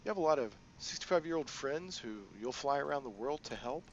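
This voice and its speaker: A man doing a sly older woman crime boss for a game playthrough, all coy sing-song and pet names. The voice sits a bit higher than his own with a gravelly edge, on a dull, lo-fi recording with faint background noise. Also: animated, brisk, lightly acted. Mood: teasing. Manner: coy, sing-song, calls people dear and sweetie.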